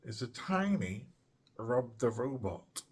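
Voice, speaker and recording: Husky, chatty British man. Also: mid-range voice, big pitch swings, takes it slowly. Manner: chatty, rambling, playful asides. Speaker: retro gaming vlogger. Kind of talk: casual unboxing chat to camera.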